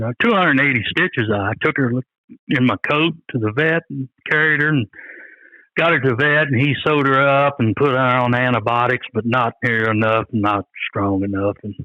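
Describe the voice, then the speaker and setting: In a mid-range voice, an older coon hunter rambles through folksy stories during an interview, often quoting what others told him. The recording is dry, with a lo-fi sound.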